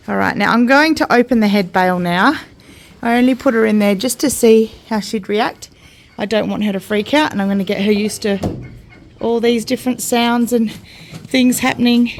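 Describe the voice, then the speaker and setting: A woman's voice: on the high side, normal speed, slight background noise. An Australian woman filming a casual farm vlog in an outdoor milking shed, explaining her work to viewers and cooing soothing praise to a cow. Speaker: homesteader vlogger.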